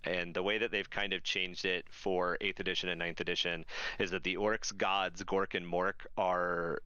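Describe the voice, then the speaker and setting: A man's voice: low-pitched, little pitch movement, normal speed, pushed and bright, smooth, dry recording, dull audio. A man co-hosting a podcast, explaining with enthusiasm in casual chat. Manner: enthusiastic explainer who acts out jokes. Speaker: podcast co-host.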